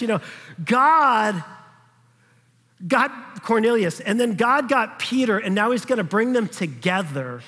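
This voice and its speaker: A high-voiced man delivers a sermon with a husky edge, his words carrying a long reverb through a church hall. He keeps the preaching conversational, checking that his listeners are following and briefly acting out the voices in the story. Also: animated, a little slow, sharp tone. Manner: acts out quoted voices in passing. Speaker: pastor.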